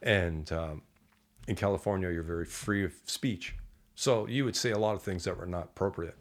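A man, a guest on an interview show, telling lively casual anecdotes and acting out the people in them. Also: sits low, normal speed. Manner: animated anecdotes, acts out quoted people. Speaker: entrepreneur guest.

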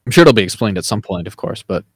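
A man's voice: lowish voice, animated, fast, husky, no echo, clean studio sound. A man co-hosting a podcast in a casual chat, rambling with many fillers. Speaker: podcast co-host.

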